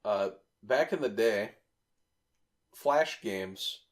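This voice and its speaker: A man's voice: fairly low pitch, lively intonation, drawn-out words. Man telling a profane story. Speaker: podcast host. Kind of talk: casual chat.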